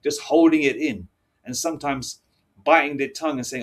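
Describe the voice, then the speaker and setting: His voice sits a little high and moves at a moderate pace as this religious teacher preaches angrily and reads scripture. He comes across as combative, frequently checking in with "okay?" and "all right?".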